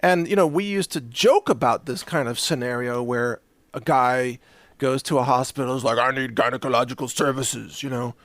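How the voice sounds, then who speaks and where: A man's voice: medium pitch, moderate pace, no echo. A man hosting an opinion commentary show, talking in a sarcastic, mocking way. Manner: sarcastic, mocking, acts out quoted voices. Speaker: host.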